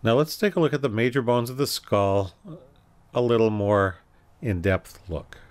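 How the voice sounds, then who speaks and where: A man giving a recorded anatomy lecture, calmly explaining and pointing through slides with occasional self-corrections. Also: lowish voice, normal speed, clean tone. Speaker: anatomy instructor.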